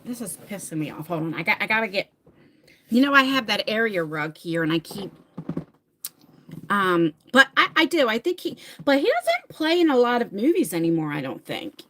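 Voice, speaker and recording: A middle-aged woman with a New Jersey accent hosts a loose, rambling livestream chat. Her pitch swings widely as she jumps between thoughts and viewer comments. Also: very animated, normal speed, a bit bright. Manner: rambling, chatty, reads comments aloud. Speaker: livestream host.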